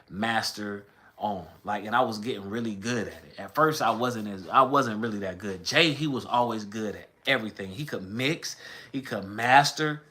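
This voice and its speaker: A man's voice: medium pitch, pushed and bright. A man in his thirties from the American South with a light Southern accent, casually telling his story to a livestream chat in a rambling, conversational way. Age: 30s. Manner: rambling, conversational, with chanted bits of old raps.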